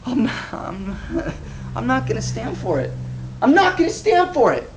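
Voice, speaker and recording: A man plays a hot-tempered armed robber in a low-budget noir, hollering curses and threats. His voice leaps around in pitch and sits far off in a boomy room. A faint hiss runs underneath. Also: very animated, a little slow, reverberant, exaggerated voice. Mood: sneering. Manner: shouting, profane, menacing. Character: volatile armed male robber, crude and bossy. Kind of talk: indie film acting.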